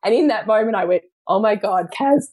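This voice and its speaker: A woman's voice: medium pitch, expressive, a little fast, breathy edge, dry recording. A woman, a mother of three, sharing personal stories earnestly and emotionally as a podcast guest. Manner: earnest and emotional, with soft laughs. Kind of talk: heartfelt personal storytelling.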